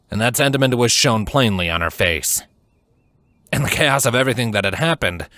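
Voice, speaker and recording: A man reading fan fiction aloud as scripted narration, measured and steady. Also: on the low side, no echo. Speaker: fanfiction reader.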